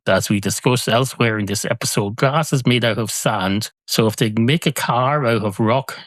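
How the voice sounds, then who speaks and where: A man's voice: fairly low pitch, no echo. Rambling man musing aloud. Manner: rambling, musing, corrects himself mid-thought. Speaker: podcast host. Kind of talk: comedic solo monologue.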